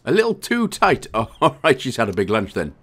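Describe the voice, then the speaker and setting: A man's voice: medium pitch, huge pitch swings, a little fast. A man from Wales giving a casual, jokey game walkthrough, chatty and often correcting himself. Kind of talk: casual gameplay commentary.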